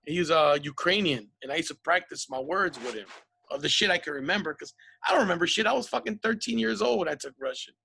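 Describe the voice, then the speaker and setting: Male podcast host, husky and high, animated storyteller, casual and profane. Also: quick pace. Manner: profane, animated storyteller, says dude and bro a lot. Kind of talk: casual comedic chat.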